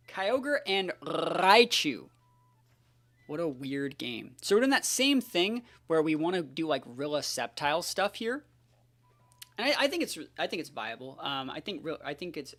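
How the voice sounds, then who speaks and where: Man, game caster type, hyped slangy play-by-play, lively swinging pitch. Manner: hyped, slangy trash talk. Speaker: competitive game player. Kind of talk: live gameplay commentary.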